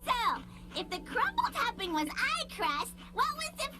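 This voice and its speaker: A squeaky, disgusted cartoon kid, sneering in sarcastic disbelief. The voice shoots very high and swoops all over the place. Background music plays clearly under it in this cartoon clip. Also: female voice, very animated, normal speed. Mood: grossed out. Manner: exaggerated disgusted delivery. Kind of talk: cartoon voice acting.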